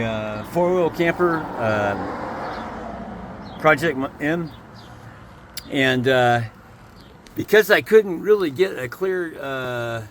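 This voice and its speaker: A man's voice: mid-range voice, darkish tone, a little hiss or hum. Folksy man rambling with many fillers. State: has the hiccups. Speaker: vlogger. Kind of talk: casual how-to vlog. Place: inside a camper.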